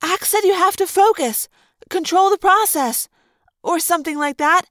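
A woman's voice: extremely high pitch, moderate pace, a bit bright, no room sound, studio quality, pitched above the performer's own voice. A woman voicing an anxious teenage girl in an audiobook reading. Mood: urgent. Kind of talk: audiobook character voice.

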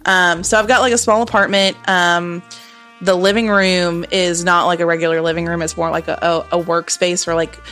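A woman playing a tabletop game, telling what her character does in a loose, rambling way with lots of fillers. Her voice sits a little low, and soft music plays faintly behind her. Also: little pitch movement, moderate pace. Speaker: player.

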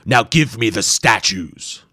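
A man voicing a menacing horned, masked male warrior creature who speaks slowly and loudly. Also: animated, no room sound, clean studio sound, heavily acted. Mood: demanding. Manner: slow booming demanding.

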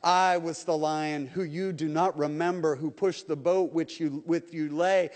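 A preacher giving a deep, quiet, slow voice to an ancient male lion while reading a story aloud in a church. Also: steady tone, natural voice. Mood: solemn. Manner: slow, hushed, solemn. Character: huge ancient male lion, calm and gentle. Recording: long reverb of a church hall.

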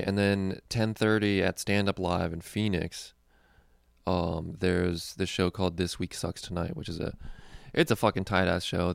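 A man's voice: deep voice, creaky, no echo, clean studio sound. A young man, a stand-up comedian, chatting casually in a rambling, profane, laid-back way. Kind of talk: casual chat.

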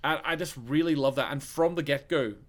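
A man's voice: fairly high pitch, brisk. A young man co-hosting a podcast, chatting casually about films with lots of restarts and fillers. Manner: rambling, many restarts and fillers. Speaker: podcast co-host. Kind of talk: casual film chat.

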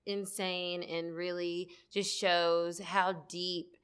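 A woman co-hosting a podcast, telling a story in a relaxed way with fillers. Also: fairly low pitch, extremely slow, clean tone. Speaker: podcast co-host. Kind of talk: casual podcast chat.

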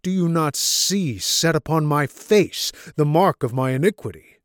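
A man reading the part of a scarred older man gravely confessing that he betrayed his rescuer, in an audiobook story. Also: mid-range voice, animated, a little slow, darkish tone, dry recording, clean studio sound, close to an everyday voice. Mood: anguished.

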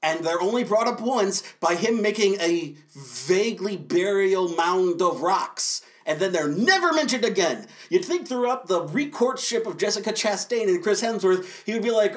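A man hosting a film podcast, reviewing a movie in a casual, sarcastic monologue and acting out quick bits of mock dialogue. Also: high voice, animated.

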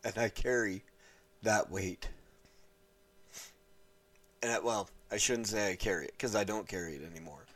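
Deep-voiced man talking earnestly to camera. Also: fairly bright tone. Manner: earnest, halting, searching for words. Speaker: evangelist vlogger. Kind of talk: unscripted talk to camera.

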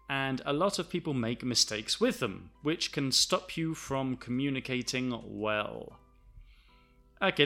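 A man's voice: mid-range voice, gravelly, bright, forceful tone. A man teaching an English lesson, explaining carefully and repeating each example sentence.

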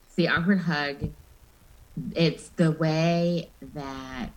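Low-voiced woman chatting animatedly. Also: drawn-out words, slight background noise, rough recording. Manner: animated, quoting people in put-on voices. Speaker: podcast co-host. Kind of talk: casual chat.

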